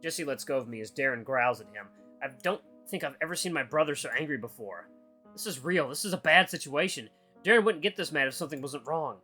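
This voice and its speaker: A man reads a visual novel aloud for his gaming channel, narrating in first person with casual asides. His voice is bright and lively, rising and falling freely. Faint guitar music plays in the background. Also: fairly high pitch, a little fast.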